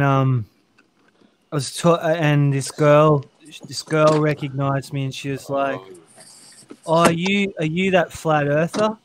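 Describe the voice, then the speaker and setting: A man's voice: a little high, a little hiss or hum. A man chatting casually in a group call, hesitant and stumbling over his words.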